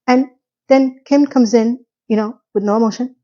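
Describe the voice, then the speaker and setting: A woman's voice: fairly high pitch, steady tone, moderate pace, warm tone, lo-fi sound. A woman casually recapping a TV episode in a chatty, sarcastic, incredulous way. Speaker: TV recap vlogger.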